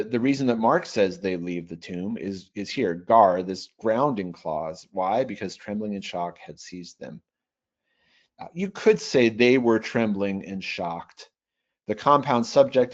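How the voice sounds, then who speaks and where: A man with a fairly low voice teaches in a live online webinar, moving through Greek grammar step by step. He reads slowly and measuredly and often thinks aloud. The audio is muffled and lo-fi, as from a computer microphone on a web call. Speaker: Bible software trainer.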